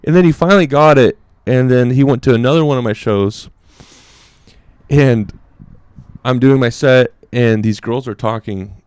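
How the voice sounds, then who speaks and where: A young adult man, guest on a show as a comedian, tells a story in casual chat at normal speed, rambling with many fillers. He acts out quotes in a higher voice; his own tone is darkish and clean, with no room sound.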